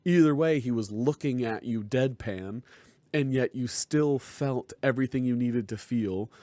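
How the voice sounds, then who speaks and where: A man's voice: medium pitch, unhurried, dark tone, dry recording. A man co-hosting a casual podcast review, thinking aloud and searching for the right words. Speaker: podcast co-host.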